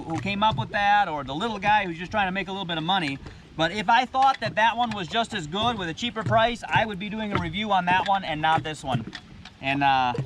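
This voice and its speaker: A man's voice: high-pitched, background noise. A man hosting a casual, plainspoken gear review while standing in shallow water by a boat. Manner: plainspoken, easygoing, with frequent uhs. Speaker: channel host reviewing gear.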